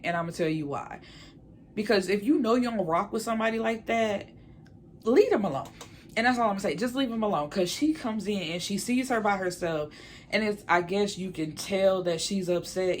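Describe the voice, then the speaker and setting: A woman's voice: on the low side, slight background noise. Blunt, opinionated woman recapping TV. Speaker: reality TV reviewer. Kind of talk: casual commentary recap.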